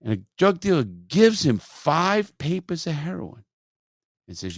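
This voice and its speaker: A man hosting a podcast, telling a story in a blunt, profane, animated way. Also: a little high, a little slow, no echo, clean studio sound. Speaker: podcast host.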